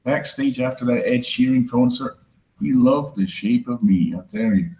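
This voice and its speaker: A man from Scotland with a Scottish accent softened by years in Canada, performing a rambling, self-deprecating stand-up set and swearing freely. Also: medium pitch, moderate pace, reverberant, low-quality recording. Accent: Scottish, with some Canadian. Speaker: stand-up comedian.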